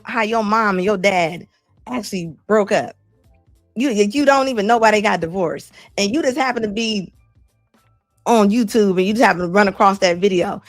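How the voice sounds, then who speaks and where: A woman hosting a show where she reacts to clips, with animated, incredulous, slangy commentary. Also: medium pitch, no room sound.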